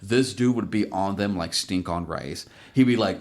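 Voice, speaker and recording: A man with a fairly low voice co-hosts a casual podcast. He rambles through his stories in a loose way, with plenty of fillers along the way. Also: moderate pace, a little mellow. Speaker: podcast co-host. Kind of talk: casual chat.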